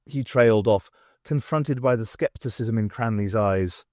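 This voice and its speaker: Man reading a dark audiobook. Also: on the low side, normal speed, no echo, studio quality. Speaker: audiobook reader. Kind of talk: unabridged audiobook narration.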